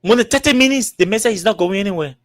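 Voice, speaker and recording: A talk show host with a Liberian English accent speaks very fast in a high voice, delivering a long storytelling monologue. Animated, he acts out the dialogue with plenty of repetition, and the studio-quality audio has no room sound.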